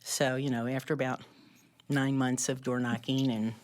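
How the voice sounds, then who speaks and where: A woman's voice: very deep voice, moderate pace. A woman telling a personal story in a casual group conversation, laughing often as she talks. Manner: animated, laughs often while talking. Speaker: club member telling her story.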